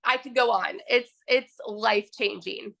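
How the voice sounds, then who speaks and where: A young woman with a high voice tells her success story in a gushing, emphatic rush, circling back to repeat her key phrases. Her tone rings bright and forward, and she sounds thrilled and fired up the whole way through. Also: measured pace, vocal fry. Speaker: customer giving a testimonial. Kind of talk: excited personal success story.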